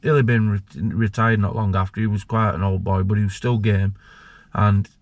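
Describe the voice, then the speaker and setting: A man, a former prisoner, telling his story with halting emotion and many restarts. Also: on the low side, flat delivery. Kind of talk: candid personal storytelling.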